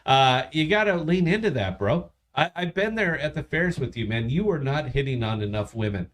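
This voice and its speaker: A man's voice: medium pitch, animated, moderate pace, a bit bright. A man in his fifties hosting a casual livestream, tipsy, profane and boastful as he tells a long story. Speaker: podcast host.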